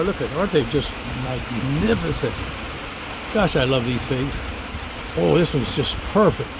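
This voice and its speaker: A man's voice: a little high, background noise. Rambling older man touring his fig trees. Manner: chatty, rambling, digressive. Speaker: fig grower and former teacher. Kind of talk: casual garden vlog. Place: outdoors among fig trees.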